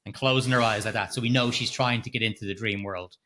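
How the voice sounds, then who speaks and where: Guy ranting about a movie on a podcast, bright forceful voice, lots of swearing. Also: fairly low pitch, fast, a little hiss or hum. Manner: sweary, animated, mimics characters mockingly. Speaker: podcast co-host. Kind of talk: casual film review chat.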